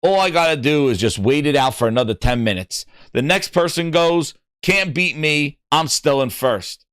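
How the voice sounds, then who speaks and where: A middle-aged man hosting a gaming show, telling an excitable story and acting out what other people said. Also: a little high, normal speed, no room sound, clean studio sound. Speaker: gaming podcast host. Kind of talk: animated storytelling.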